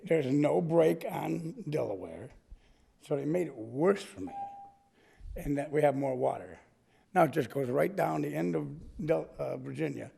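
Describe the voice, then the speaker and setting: A man's voice: medium pitch, gravelly, mellow. A man with a strained voice, giving a blunt, indignant public comment at a council meeting and repeating points for emphasis. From United States.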